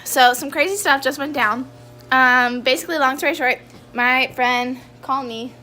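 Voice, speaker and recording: A woman in her twenties, vlogging in a chatty, giggly and excitable way on a handheld phone camera. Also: sits high, moderate pace, soft background music. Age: 20s. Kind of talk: casual vlog. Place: outdoors in snow and indoors in a college town. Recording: noisy phone recording.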